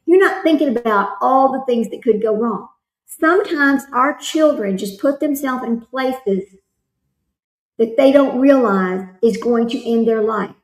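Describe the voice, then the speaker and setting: A woman's voice: on the high side, roomy sound, poor audio. A woman hosting a casual livestream, rambling and talking straight to her viewers. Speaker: livestream host.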